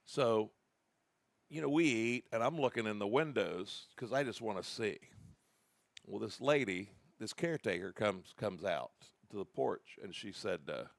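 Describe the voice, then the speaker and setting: Male podcast co-host, low and very gravelly, rambling storyteller, dry close mic. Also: lively intonation, measured pace, dry recording. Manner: rambling anecdotal storytelling with restarts. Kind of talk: casual storytelling chat.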